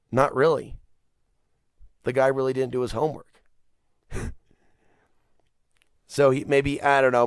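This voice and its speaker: A man's voice: mid-range voice, clear, resonant tone, dry recording, clean studio sound. Man ranting on his podcast. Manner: rambling, animated, swears and laughs. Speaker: podcast host. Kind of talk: casual monologue rant.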